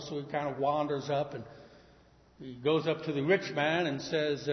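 A preacher telling a story in a sermon, acting out the characters' voices and swinging between loud calls and hushed lines. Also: male voice, on the high side, a little slow, pauses often. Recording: muffled recording in a reverberant hall.

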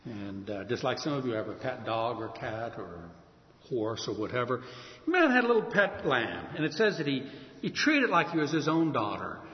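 A man preaching a sermon, telling a story with animated delivery and acting out the voices of the people in it. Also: medium pitch, normal speed. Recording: dull sound in a hall with long reverb.

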